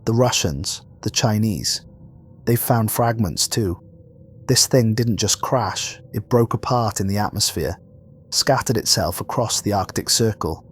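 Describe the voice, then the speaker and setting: An urgent, secretive woman in a whispered-sounding sci-fi horror tale, as a male narrator puts her on. She keeps her words hushed and pressing, warning others to trust no one. The voice sits a touch low, with faint room ambience behind it. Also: measured pace, a little hiss or hum, close to an everyday voice.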